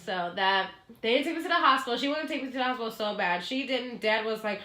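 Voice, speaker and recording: Animated high-voiced woman telling a story. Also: fast talker, roomy sound. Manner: animated, acts out quotes, laughs often. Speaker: podcast co-host. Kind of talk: casual storytelling chat.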